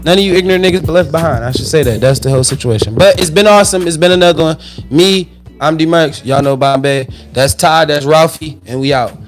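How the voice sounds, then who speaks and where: High-voiced man hosting a podcast. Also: fast, faint music behind. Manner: loose, slangy and animated, half-singing catchphrases. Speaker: podcast host. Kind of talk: casual podcast sign-off chat.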